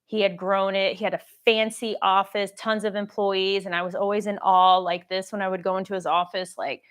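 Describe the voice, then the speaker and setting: A woman hosting a casual live-stream Q&A, telling stories in a lively way and acting out the people in them. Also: mid-range voice, brisk, smooth. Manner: animated storytelling, acts out quoted dialogue; reads viewer questions aloud. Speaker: government contracting coach.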